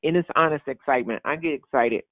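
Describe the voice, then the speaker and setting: A man preaching an informal sermon in an animated, repetitive way, often acting out excited voices. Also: medium pitch, fast talker, no echo. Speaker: pastor. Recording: tinny phone-like sound.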